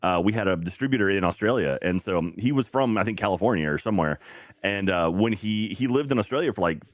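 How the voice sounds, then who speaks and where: A man chatting as a podcast guest, reeling off stories at a quick clip. His voice sits on the low side, and he throws in lively quoted voices. The sound is dry and close, with no room around it. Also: no echo. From United States. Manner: fast anecdotal storytelling with animated quoted voices. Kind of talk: casual podcast chat.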